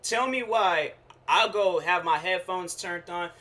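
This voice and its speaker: A young man hosting his own show, telling a casual slangy rant with lively quoted asides. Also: sits high, unhurried. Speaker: show host.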